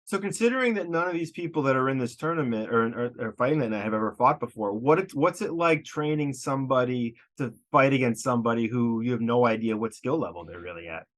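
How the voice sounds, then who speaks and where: A man hosting a podcast talks at a brisk clip, his voice sitting in a middle range. He asks curious follow-up questions and slips in dry jokes. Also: mid-range voice, expressive. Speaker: podcast host. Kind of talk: casual podcast interview.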